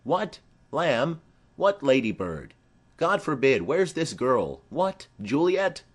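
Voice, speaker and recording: A man's voice: medium pitch, sing-song, slow, voice pushed up. A man reading a play aloud, voicing a garrulous, rambling old nurse who fondly chatters on. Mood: calling out.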